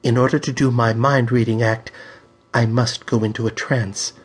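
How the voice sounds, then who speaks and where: A man voicing a frail young woman stage psychic, frightened and haunted, speaking in high trembling shrieks and pleas in an audiobook. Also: fairly even intonation, normal speed, husky, lightly acted. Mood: dazed. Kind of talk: audiobook character voice.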